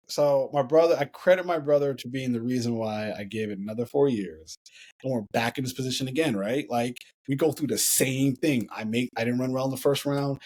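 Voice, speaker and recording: A man in his thirties from the United States, a podcast guest telling a story in an animated way, often repeating and restarting his phrases. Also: medium pitch. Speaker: podcast guest, former Olympic hurdler. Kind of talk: storytelling in a conversational interview.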